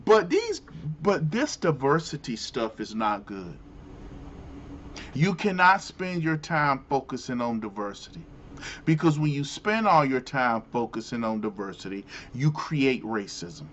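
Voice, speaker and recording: A man's voice: mid-range voice, big pitch swings, a little slow, a bit bright, dull audio, slight background noise. A man hosting his own show, ranting in casual commentary with incredulous, exclamatory outbursts. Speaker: show host.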